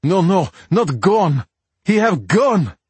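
A panicky cab driver with a heavy Russian accent barks out broken English in short, emphatic bursts, put on by a male audiobook narrator. The voice is husky and sits close and dry. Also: high-pitched, big pitch swings, slow pace, no room sound, voice pushed up, heavily acted. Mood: frantic.

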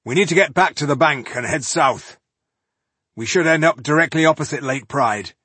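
A calm male dwarf scholar gives directions in a matter-of-fact, decisive way, voiced by a male narrator. The voice sits a little high and is husky. It sounds close and dry, in a storybook reading. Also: normal speed, no echo.

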